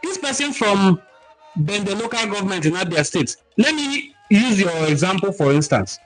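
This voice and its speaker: A man with a Nigerian accent hosts a livestream talk, his voice sitting notably high for a man. He teaches in an animated, emphatic way and reads out viewer comments. Faint music plays underneath. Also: normal speed, low-quality recording. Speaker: cultural talk host.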